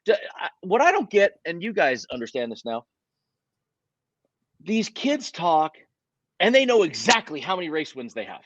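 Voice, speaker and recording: A man, a racing driver, telling stories in a casual interview, talking in an animated way with lots of restarts and self-corrections. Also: on the high side, moderate pace, pauses often, no echo.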